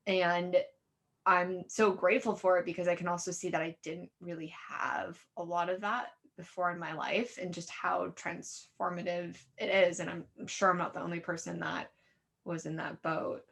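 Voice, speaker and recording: A woman co-hosts a casual podcast. Her voice sits a little low but sounds bright and forward. She talks in a reflective, friendly way. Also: steady tone, moderate pace, vocal fry. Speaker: podcast co-host.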